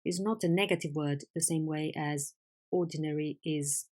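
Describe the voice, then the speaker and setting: A woman teaching an English vocabulary lesson, patient and clear, asking questions and confirming answers. Her first language is Spanish. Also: deep voice, steady tone, normal speed, darkish tone.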